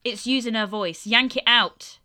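A woman's voice: lowish voice, normal speed, natural voice. A woman voicing a hardened young woman in a story reading, speaking in short, clipped lines. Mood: blunt.

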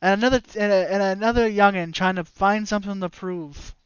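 A sardonic guild master of earth and stone, voiced by a man in a fairly high, clear voice, quick to judge with dry remarks. Heard over a slightly dull, dry online voice call. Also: dry recording, natural voice. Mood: wry. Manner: dry, sizing people up with wry remarks.

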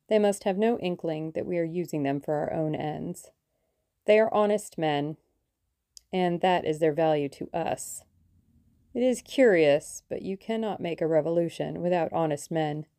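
A woman reading an audiobook, voicing a soft-spoken, sinister male conspiracy leader with sibilant speech. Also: deep voice, normal speed, gravelly, no room sound, studio quality. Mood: musing. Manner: quiet, menacing.

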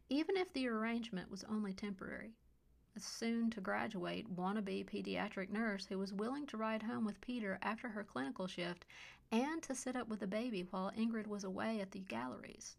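Woman narrator with a gravelly edge. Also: medium pitch. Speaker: podcast host and storyteller. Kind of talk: scripted story narration.

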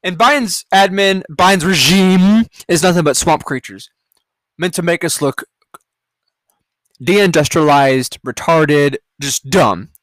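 Slow and a bit bright, with a voice on the high side, a podcast host reacts to headlines in a casual, rambling rant that is profane and sarcastic.

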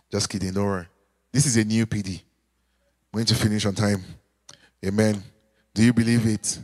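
A man preaching a sermon, animated, with call-and-response, sudden shouts and sung lines. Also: fairly low pitch, in a large hall. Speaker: pastor.

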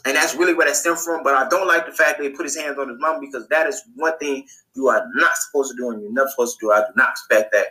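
Dude recapping a tv episode on his podcast, chatty and repetitive, bright tense tone. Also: fast talker, few pauses, low-quality recording. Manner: animated, acts out characters' lines in a higher voice; colloquial, repeats phrases for emphasis. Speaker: podcast host. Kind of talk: casual TV recap monologue.

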